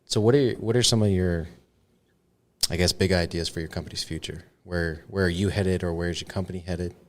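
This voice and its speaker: A man's voice: deep voice, steady tone, a little fast. A man hosting a podcast, asking questions in an easygoing way and laughing often. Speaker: podcast host. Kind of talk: casual podcast interview.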